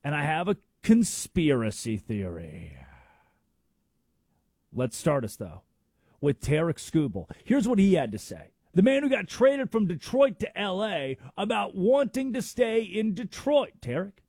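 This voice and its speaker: Animated sports radio host, dark voice. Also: male voice, high-pitched, measured pace, breathy edge, no room sound, clean studio sound. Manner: animated, emphatic, builds arguments with rhetorical questions. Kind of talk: sports talk radio monologue.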